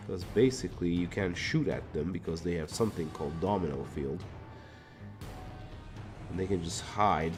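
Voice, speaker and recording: A man's voice: low-pitched, moderate pace, long pauses, over music. A Hungarian man chatting casually on a live stream while painting, thinking aloud, muttering to himself and swearing now and then.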